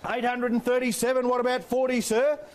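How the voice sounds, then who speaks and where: Man, Australian accent, auctioneer, very high voice, rhythmic bid calling, cheeky banter. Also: flat delivery, brisk. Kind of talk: live property auction calling.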